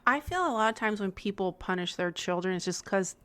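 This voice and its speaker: A woman co-hosting a podcast in casual chat, candid and quick to laugh while telling stories. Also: medium pitch, expressive, fairly bright tone, clear, resonant tone. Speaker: podcast co-host.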